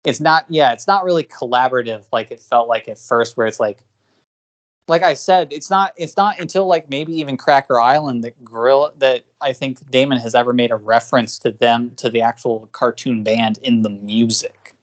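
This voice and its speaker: In a relaxed podcast conversation, this co-host goes on at length, rambling with lots of fillers and frequent restarts. His voice is mid-pitched and his pace moderate.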